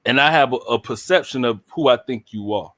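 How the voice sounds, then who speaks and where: A man's voice: mid-range voice, fairly quick, bright, forceful tone. Blunt, profane man in casual debate.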